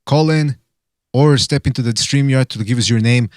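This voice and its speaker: A man's voice: mid-range voice, moderate pace, dry recording, studio quality. A man hosting a casual call-in podcast, joking around and hyping up challenges between his co-hosts. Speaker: podcast host.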